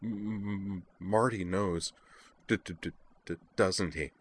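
Storybook: a shy, stuttering young woman, voiced by a man, small and hushed. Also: low-pitched, fairly even intonation, slow pace. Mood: miserable. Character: frightened, miserable stammering young woman.

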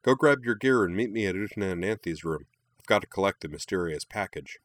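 A man voicing an easygoing young male adventurer in a storybook reading, relaxed and breezy. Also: deep voice, quick pace, no room sound.

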